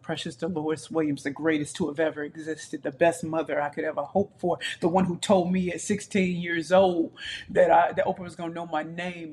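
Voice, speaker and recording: A woman speaking as a podcast guest from her home computer, passionate and emphatic, now and then dropping to a soft near-whisper. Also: sits low, slight background noise. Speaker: guest, entrepreneur and pitch champion. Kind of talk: podcast interview. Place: home with a balcony, city view.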